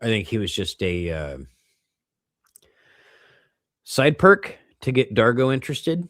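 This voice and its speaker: A man's voice: mid-range voice, very animated, takes it slowly, a bit bright, no room sound, studio quality. A tired man co-hosting a podcast, reflecting on things and tripping over his words. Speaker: podcast co-host. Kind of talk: casual chat.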